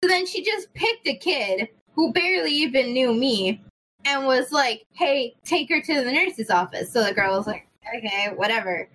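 A young woman telling a story in casual chat, animated, swearing freely and acting out the people in it. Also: sits high, normal speed, poor audio. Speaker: podcast host.

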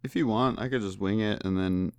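A man's voice: lowish voice, fairly quick, dry recording. A man co-hosting a casual movie podcast, joking in an offhand way. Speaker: podcast co-host.

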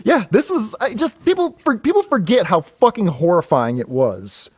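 A man co-hosting a podcast, talking in a rambling, animated way and swearing freely in casual chat. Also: high-pitched, moderate pace, slightly rough, no room sound. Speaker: podcast co-host discussing comics.

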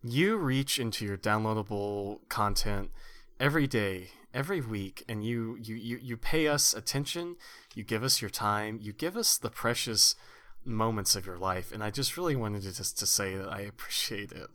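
A man co-hosting a casual comedy podcast with a lower voice that still rings bright and sharp. He rambles in a mock-sincere, earnest way. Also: expressive, normal speed. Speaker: podcast co-host.

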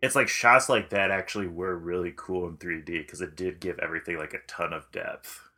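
Bright-voiced slangy male co-host. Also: sits low, steady tone, fairly quick. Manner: enthusiastic, slangy, emphatic agreement. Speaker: podcast co-host. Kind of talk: casual movie-review chat.

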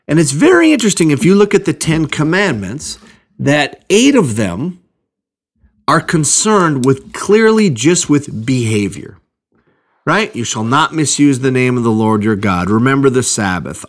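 Lively conversational male preacher. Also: mid-range voice, normal speed. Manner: conversational, with restarts and check-ins like "okay?" and "right?". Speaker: pastor. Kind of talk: sermon teaching through a Bible passage.

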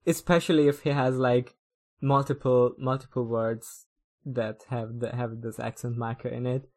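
A young man chatting as a podcast co-host, thinking out loud and circling back over his words before landing a point. His voice is mid-pitched, and he laughs along readily. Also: flat delivery. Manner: thoughtful, musing, laughs along, halting restarts. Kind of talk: casual chat.

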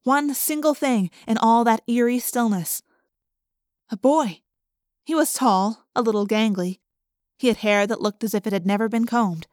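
A woman narrating an audiobook in the first person, vivid and expressive. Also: fairly high pitch, normal speed, no room sound, clean studio sound.

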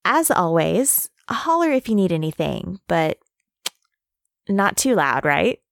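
A woman's voice: on the low side, big pitch swings, slow pace, gravelly, dry recording, clean studio sound, heavily acted. An actress playing a young woman neighbor who talks in an easygoing, friendly, casual way. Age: young adult. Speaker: dorm neighbor.

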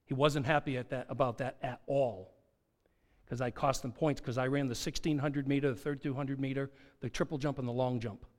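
A man preaching a sermon, telling a personal story and repeating key phrases slowly for emphasis, swinging between quiet and loud. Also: mid-range voice, steady tone.

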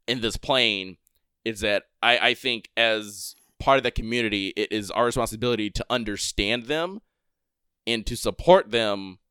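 A man's voice: fairly low pitch, a bit bright, clean tone, no echo, clean studio sound. A man co-hosting a podcast, ranting in a casual, emphatic way with lots of fillers. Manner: emphatic, fast and filler-heavy. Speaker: podcast co-host.

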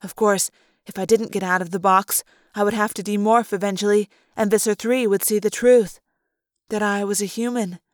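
A woman narrating a novel in the first person, calm and steady, in a fan audiobook. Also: mid-range voice, moderate pace, dry recording, clean studio sound. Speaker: audiobook reader.

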